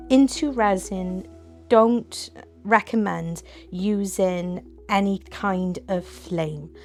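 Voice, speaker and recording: A woman with an excitable, gushing manner, chatting casually through a resin craft tutorial at home. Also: mid-range voice.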